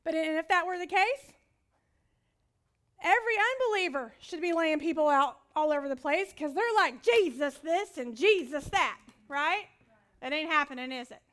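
A woman preaching with a high, bright voice. She tells her stories in an animated way, acting out other people's voices. Loud commands alternate with hushed, whispered asides. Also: moderate pace. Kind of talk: sermon.

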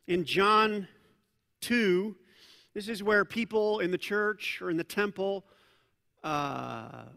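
A male pastor preaching a sermon in a conversational, animated way, with asides and self-corrections. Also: sits high. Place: church sanctuary. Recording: long reverb of a large church hall.

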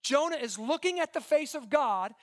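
A pastor preaches emphatically in a high, expressive voice at a moderate pace. His sermon relies on repeated lists and rhetorical questions, and he checks in with listeners often.

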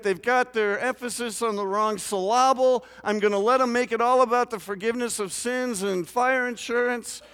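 A man preaching a sermon in a church, moving from quiet scripture reading to loud, rising emphasis. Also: high-pitched, clean tone. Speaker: pastor. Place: church sanctuary. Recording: long church reverb.

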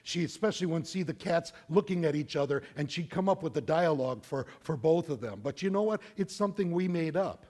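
A middle-aged male pastor tells a scripture story in a relaxed, conversational sermon. His voice sits a bit high, and he animates the narration freely. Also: a little fast, hardly any pauses.

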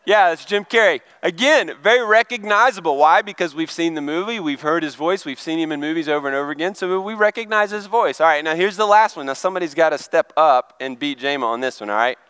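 High-voiced chatty male pastor. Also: fast, hardly any pauses, fairly bright tone, clean tone, dry recording. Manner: chatty, asks the crowd questions. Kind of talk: conversational sermon.

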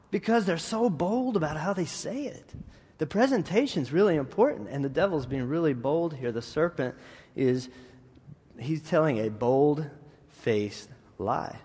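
A man preaching in a conversational, animated style with frequent restarts and asides. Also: fairly high pitch. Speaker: preacher and middle school teacher. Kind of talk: sermon. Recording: long hall reverb.

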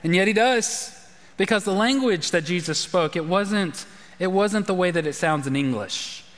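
A man, preaching a conversational sermon as a pastor, sometimes sinking to a hushed, intense delivery. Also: sits high, normal speed. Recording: long hall reverb.

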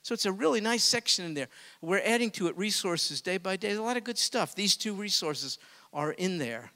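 A man preaching a sermon as pastor, swinging from hushed, intimate asides to booming emphasis. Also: expressive, brisk, long reverb tail.

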